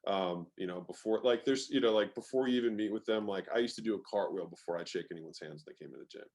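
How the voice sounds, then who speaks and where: Low-voiced man, emphatic guest. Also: fast talker, a little mellow. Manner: emphatic, swears, many "like" fillers. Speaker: guest, sales expert. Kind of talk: casual interview chat.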